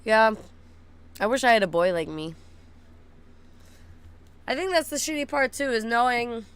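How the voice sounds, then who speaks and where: A young woman chatting casually with viewers, blunt and swearing, laughing often, cooing softly at her dogs. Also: on the high side, big pitch swings, a little slow, clean tone. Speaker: streamer.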